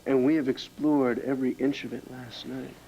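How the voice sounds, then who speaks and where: A man's voice: mid-range voice, steady tone, moderate pace, mellow, highs cut off, slight background noise, natural voice. An actor playing a playful, eager young man in love in a soap opera. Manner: playful, teasing.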